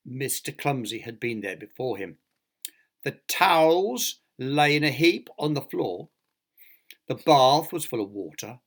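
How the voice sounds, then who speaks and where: A man's voice: mid-range voice, lively intonation, a little slow. A man, a teacher, reading a picture book aloud to children, with chatty asides to his young listeners.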